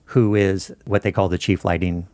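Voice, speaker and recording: A man's voice: sits low, little pitch movement, moderate pace, a little mellow, no echo. A man in a casual interview, telling film-set stories in an easygoing way and acting out the dialogue. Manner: storytelling, easygoing, acts out dialogue. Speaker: film camera crew guest.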